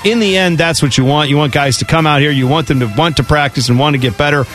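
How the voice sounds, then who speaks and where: A man's voice: a little high, fast talker, soft background music. A man hosting a casual sports radio show, opinionated and chatty, slipping into mocking voices when he quotes people. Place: radio studio.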